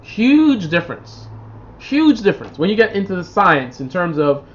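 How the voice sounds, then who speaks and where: High-voiced man chatting on a lo-fi livestream. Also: moderate pace, slight background noise. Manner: rambling, animated storytelling, reads out viewer comments. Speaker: livestream host. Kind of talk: casual live-stream chat. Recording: dull lo-fi livestream audio.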